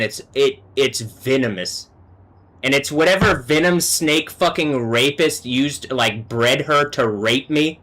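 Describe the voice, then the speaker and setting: A man on a live stream, talking alone in an agitated, profane rant that swings between low muttering and yelling. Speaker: livestreamer.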